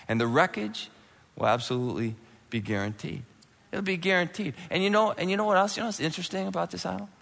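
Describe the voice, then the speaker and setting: A man's voice: a little high, sharp tone, in a large hall. A man preaching a sermon, acting out quoted voices and dropping suddenly to a near whisper. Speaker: pastor.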